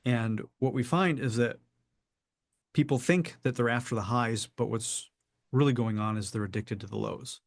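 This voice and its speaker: A man's voice: mid-range voice, gravelly, no echo. Man coaching with dry close sound. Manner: measured, acts out quoted people. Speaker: spiritual coach. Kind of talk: reflective coaching talk.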